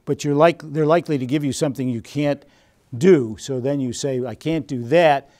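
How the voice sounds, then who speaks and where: A man's voice: mid-range voice, fairly quick, warm tone. A man presenting a seminar, quizzing his audience and acting out scenes with them. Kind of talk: interactive seminar teaching.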